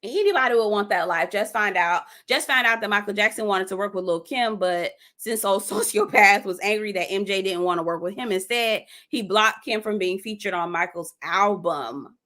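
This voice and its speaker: A young woman, hosting a casual live stream, animated and cussing freely as she reacts and reads comments aloud. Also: medium pitch, moderate pace, few pauses.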